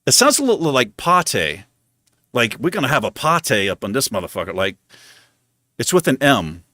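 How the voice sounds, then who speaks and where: Bright, lively male livestream host. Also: medium pitch, moderate pace, no room sound, clean studio sound. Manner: self-mocking, chuckles often; animated, struggling over pronunciation. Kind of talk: casual chat.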